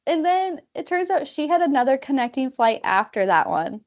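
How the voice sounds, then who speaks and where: A woman's voice: high voice, normal speed. Chatty storytelling woman, lo-fi sound. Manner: animated, many "like" fillers, acts out quoted people. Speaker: podcast co-host. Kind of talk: casual storytelling chat.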